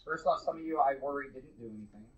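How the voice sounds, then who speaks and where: A man's voice: medium pitch, fast talker. A man teaching a math class live in a classroom. He talks casually and bluntly, with jokes for his students. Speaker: middle school math teacher. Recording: dull lo-fi classroom recording.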